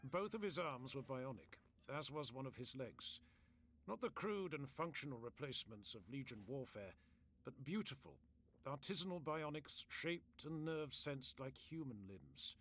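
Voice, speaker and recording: A man narrating a story in a steady, descriptive storytelling manner, read aloud on a stream. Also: mid-range voice, moderate pace, slight background noise.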